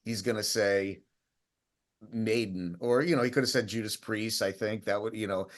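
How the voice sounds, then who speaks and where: A man's voice: fairly low pitch, steady tone, normal speed. A man co-hosting a casual chat, telling stories in a rambling way with many restarts. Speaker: co-host.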